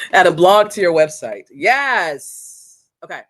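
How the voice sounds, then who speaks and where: A woman hosting a casual live-streamed training, talking straight to viewers in a chatty, energetic, slangy way through a computer mic. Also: lowish voice, very slow, pauses often. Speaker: course instructor and livestream host.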